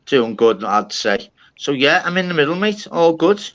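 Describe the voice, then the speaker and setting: A man hosting a loose video-call panel. His voice sits a little high and sounds bright and forceful. He swears freely and says things twice for emphasis. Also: big pitch swings, normal speed, muffled recording. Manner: swearing, enthusiastic, repeats himself. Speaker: host. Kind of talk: casual livestream chat.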